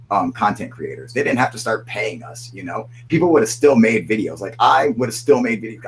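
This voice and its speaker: A man with a fairly low, creaky voice hosts a casual live-stream chat on his channel, sounding burnt out. He rambles and curses, constantly calling everyone "dude," and the rough recording carries slight background noise.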